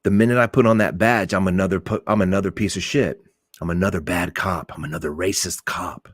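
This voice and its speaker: A man's voice: deep voice, fairly even intonation, brisk, no echo, studio quality. A man, a police officer, giving his blunt, emphatic opinions on a podcast, swearing and repeating points for stress.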